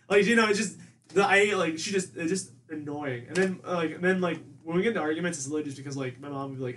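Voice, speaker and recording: A man's voice: rapid-fire, fairly bright tone. A young man guest on a casual podcast, rambling through family stories with lots of "like" and imitating his mom. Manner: rambling, heavy use of "like", mimics his mom in a higher voice. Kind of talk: casual storytelling chat. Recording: distant mic with faint ambient noise.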